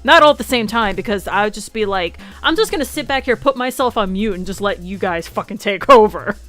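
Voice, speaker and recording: A woman's voice: mid-range voice, expressive, a little fast, a bit bright, soft background music. A woman hosting a live stream show, chatting casually, swearing freely and laughing often. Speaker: livestream show host. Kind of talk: casual chat.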